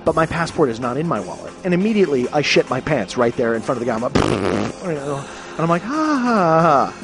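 A man rambles animatedly through a travel story as host of his own show, swearing freely as he goes. His voice sits at an ordinary middle pitch. Faint music plays quietly behind him. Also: expressive, quick pace, vocal fry. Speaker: podcast host. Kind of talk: casual storytelling monologue. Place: hostel room.

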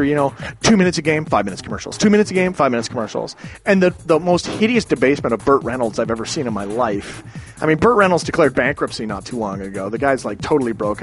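A man's voice: medium pitch, expressive, fast, faint music behind. A man from Canada ranting in a rambling, profane way, with many restarts and sudden exclamations. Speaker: ranting commentator.

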